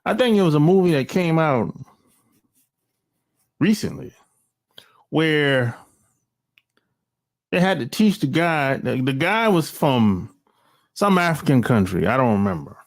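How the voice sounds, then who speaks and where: A man speaks slowly and bluntly into his phone, his slangy talk dragging out word by word. His fairly high voice swings widely up and down, and he drops in mocking asides as he goes. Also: animated. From United States. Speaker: vlogger. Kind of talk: casual opinion monologue. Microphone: cell phone.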